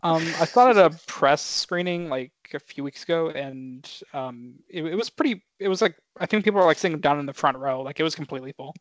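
Young male podcast co-host, bit high, casual, hesitant. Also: fairly quick, hardly any pauses, no echo. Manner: laid-back, many "um"s and "like"s, asks guests questions. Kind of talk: casual chat.

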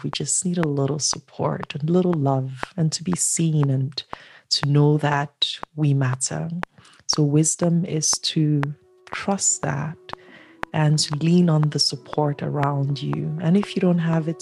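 A woman from Nigeria, a writer and storyteller, speaking as a podcast guest in a calm, measured, meditative way. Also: low voice, gravelly, over music. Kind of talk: reflective interview answer.

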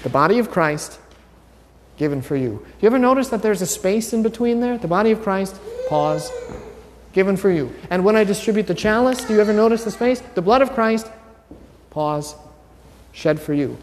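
Quick and lively in intonation, this pastor's voice sits high as he quizzes his congregation during a casual, wry teaching sermon. The recording carries the long reverb of a church sanctuary.

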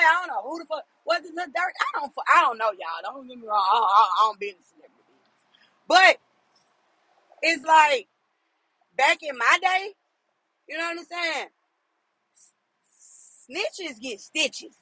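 A man giving a casual, profane opinion rant, often shouting for emphasis and asking "you know what I'm saying". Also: very high voice, no echo, poor audio. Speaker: commentator.

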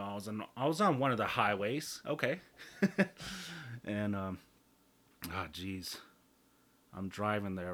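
A man hosting a solo podcast in a rambling, profane way, often mocking himself with quick jokes. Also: fairly low pitch, fairly bright tone. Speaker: podcast host. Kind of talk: casual solo podcast chat.

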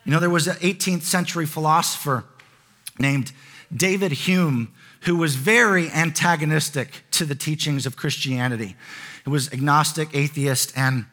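A man's voice: on the high side, normal speed, sharp tone. A man preaching a sermon as pastor, conversational in tone and building to emphatic repeated lines.

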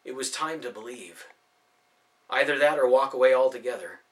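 A man reading a fantasy story aloud as scripted narration, with expressive storytelling. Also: medium pitch, moderate pace. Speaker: audiobook narrator.

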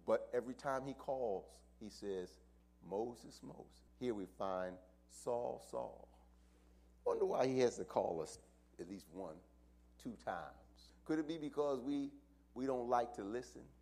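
A male preacher delivering a sermon and addressing his congregation directly, swinging dramatically between loud cries and near-whispers. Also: medium pitch, lively intonation, moderate pace.

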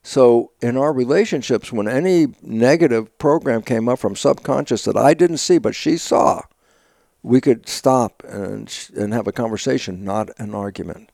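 An older man, an interview guest, telling stories with lively acted-out dialogue, sudden loud bursts and frequent laughs. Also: mid-range voice, normal speed, vocal fry, no echo, studio quality. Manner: laughs often while talking. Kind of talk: animated conversational storytelling.

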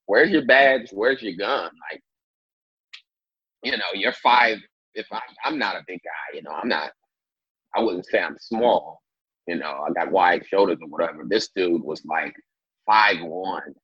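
A man telling a long story in a casual interview, animated and swearing freely as he acts out what people said. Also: sits low, a little slow, pauses often, slightly rough, dry recording. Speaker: interview guest. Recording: dull lo-fi sound.

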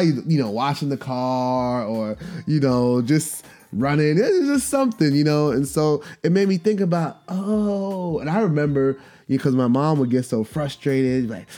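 A man's voice: a little high, lively intonation, normal speed, mellow, faint music behind. A man in his thirties hosting a casual solo podcast, talking candidly and rambling, with lots of fillers, restarts, casual swearing and laughter at his own stories. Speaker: podcast host.

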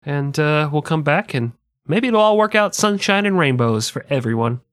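A man's voice: on the high side, lively intonation, normal speed, fairly bright tone. A man co-hosting a casual history podcast, joking and sarcastic, swearing freely. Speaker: podcast co-host.

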